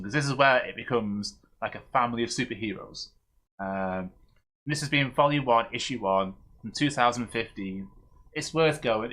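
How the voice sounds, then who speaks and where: A man's voice: on the low side, sharp tone. A man casually recapping comics as the host of a streamed review show, rambling with many fillers and restarts.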